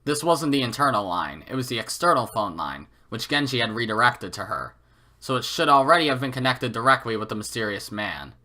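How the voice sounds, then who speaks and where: A man reading a visual novel aloud in an expressive, animated way. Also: mid-range voice. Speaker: let's play narrator.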